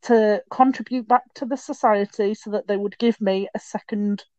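A young woman telling stories in a casual podcast chat, with quick asides and restarts. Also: medium pitch, steady tone, a little mellow, dry recording. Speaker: podcast guest.

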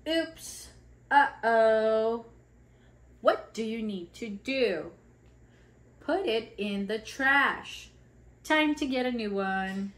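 Very slow sing-song woman reading to toddlers. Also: a little high, lively intonation, a bit bright. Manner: slow, sing-song, acts out sneezes and sounds. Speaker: children's educator reading aloud. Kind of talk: reading a picture book to toddlers.

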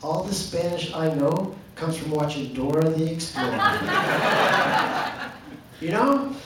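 Stand-up comic, Canadian man, high voice, deadpan storyteller; live club sound, very echoey. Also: takes it slowly. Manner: deadpan storytelling with acted quotes. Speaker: stand-up comedian. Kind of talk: stand-up comedy set. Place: comedy club stage. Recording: echoey club, distant mic, audience noise. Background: audience laughter.

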